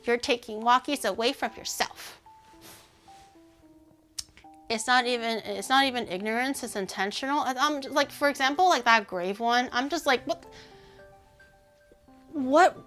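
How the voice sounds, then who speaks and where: Female streamer, casual indignant chat, slightly high voice, faint background music. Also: normal speed. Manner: rambling, heavy use of "like", animated indignation.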